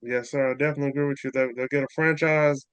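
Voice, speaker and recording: A man's voice: medium pitch, steady tone, very fast, clean tone, dry recording. An American man hosting a casual interview, friendly and brief in his replies. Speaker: interview host.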